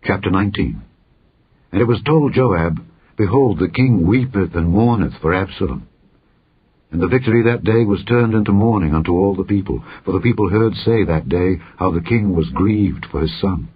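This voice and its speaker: A man reading scripture in a measured, dignified manner, in a dull, lo-fi recording. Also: sits low, breathy edge. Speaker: Bible reader.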